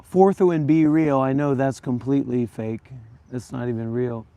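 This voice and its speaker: A man's voice: medium pitch, fairly even intonation, moderate pace, dark tone, no room sound. A man hosting a livestream, talking bluntly and combatively straight at his viewers. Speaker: livestream host and former monk. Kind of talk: unscripted livestream talk.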